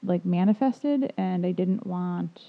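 Woman, low voice, gravelly fry, hesitant casual chat, tinny phone sound. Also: slow. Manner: hesitant, filler-heavy, blunt asides.

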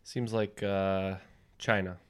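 A man's voice: deep voice, level tone, takes it slowly, smooth. A man taking part as a contestant in a casual quiz chat, giving hesitant guesses.

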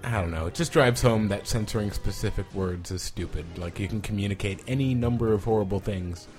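A man with a lowish voice making his point in a loose, easygoing chat, full of "like" and small restarts. Faint music sits under the talk. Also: brisk. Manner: opinionated, relaxed, many "like"s. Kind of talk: casual chat.

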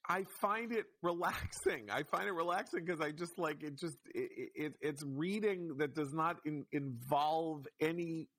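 A man's voice: a little high, a little slow, few pauses, fairly bright tone. A man co-hosting a casual podcast chat, rambling through his thoughts and laughing easily. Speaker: podcast co-host.

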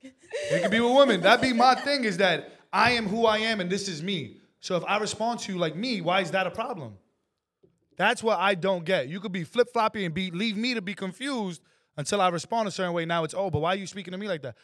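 Blunt New man, slightly higher voice, swearing podcast co-host. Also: brisk, a bit bright. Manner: blunt, emphatic, swears freely. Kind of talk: casual chat.

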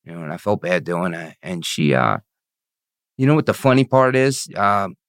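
Very low voiced man, blunt swearing storyteller, dry close sound. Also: big pitch swings, normal speed, a bit bright, dry recording. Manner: blunt, swearing, frequent "you know what I mean". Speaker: interview guest. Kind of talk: candid storytelling, profane.

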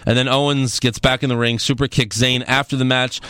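A man hosting a casual chat, recapping events in an animated, rambling way and swearing freely. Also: medium pitch, a little fast, clear, resonant tone, no echo, studio quality. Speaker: podcast host recapping wrestling.

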